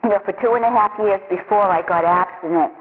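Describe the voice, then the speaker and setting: A woman telling her personal recovery story in a halting, confessional way, often repeating her words. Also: mid-range voice. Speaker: recovery program member sharing her story. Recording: tinny phone-line sound with long echo.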